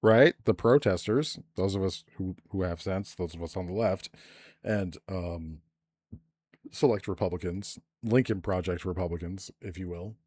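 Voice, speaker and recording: A man's voice: low voice, normal speed, darkish tone, slightly rough, no room sound, studio quality. A man hosting a live stream, ranting in profane commentary with lots of restarts and filler. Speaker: streamer host.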